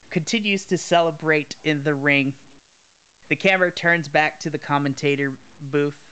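A man's voice: a little high, bright, forceful tone, clear, resonant tone. Casual man narrating a role-play game. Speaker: game master. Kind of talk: narrating a wrestling tabletop game.

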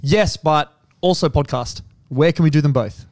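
A young man co-hosting a podcast, teasing his friends and swearing casually in relaxed banter. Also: a little high, moderate pace, no room sound, studio quality. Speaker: podcast co-host. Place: hotel podcast room.

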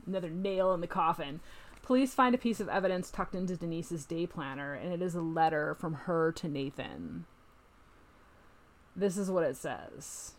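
Woman host, low-ish voice, animated true crime storyteller reading letters aloud. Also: moderate pace. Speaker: podcast host. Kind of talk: casual true crime chat.

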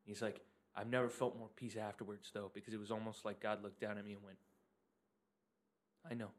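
A man co-hosting a casual church podcast, telling a story in a heartfelt, relaxed way. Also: lowish voice, fast talker.

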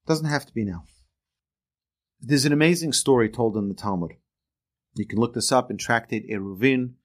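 Earnest man telling religious stories. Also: medium pitch. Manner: earnest, animated storytelling. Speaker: religious teacher. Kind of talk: storytelling lesson.

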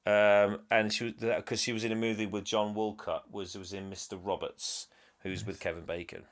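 A man co-hosting a podcast, casually recapping a movie in a rambling, animated way. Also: lowish voice, moderate pace. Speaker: podcast co-host. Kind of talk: casual film recap chat.

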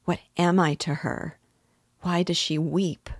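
A woman reading the lines of a restless young male student, delivered with incoherent, self-mocking agitation in a low, unhurried voice. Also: steady tone, no room sound, studio quality. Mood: agitated.

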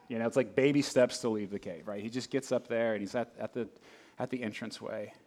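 A middle-aged man preaching a sermon in a conversational way, full of asides and rhetorical questions. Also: mid-range voice. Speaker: pastor.

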